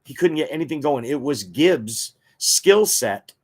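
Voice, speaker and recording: A man's voice: medium pitch, expressive, unhurried. A man hosting a football talk show, giving fan opinions and reading viewer comments in a casual, chatty way with frequent filler words.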